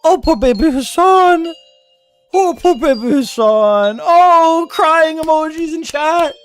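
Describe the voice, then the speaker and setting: A woman's voice: high-pitched, animated, soft background music, voice pushed up. A woman doing a sobbing whiny man-baby streamer. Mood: mock sobbing. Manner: wailing, mock-crying, drawn-out whine. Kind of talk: mocking impression in a commentary video.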